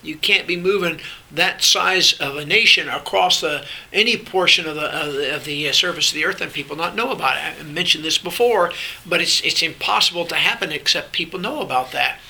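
Bright-voiced older man teaching scripture. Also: fairly high pitch, fairly quick, vocal fry, rough recording. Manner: explanatory, conversational, with frequent restarts and fillers. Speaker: Bible teacher. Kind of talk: sermon-style Bible teaching. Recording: faint hiss.

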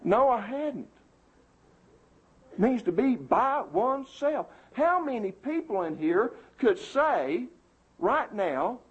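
Indignant preaching man, husky high voice. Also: very animated, slow pace, highs cut off. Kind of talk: sermon.

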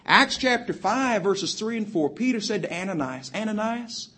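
A man's voice: high voice, animated, sharp tone, slightly rough. A man preaching a sermon to young people, emphatically citing chapter and verse and quoting scripture in old-fashioned wording. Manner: quotes scripture in King James wording, cites verses rapidly.

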